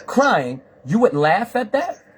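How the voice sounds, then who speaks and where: A man's voice: high-pitched, big pitch swings, takes it slowly, slight background noise. A man hosting a live stream, pressing his guests with repetitive, preachy questions. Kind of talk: confrontational live call-in chat.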